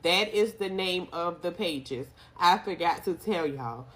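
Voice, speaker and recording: A woman telling her own story in a casual, animated way, speaking straight to her viewers. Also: on the low side, a little slow, breathy edge.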